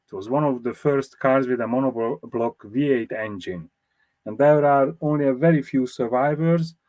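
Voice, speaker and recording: Measured man explaining in a dry recording. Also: mid-range voice, a little mellow, no room sound. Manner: measured, explanatory, with fillers and restarts. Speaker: motoring historian and magazine publisher. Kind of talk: interview answers.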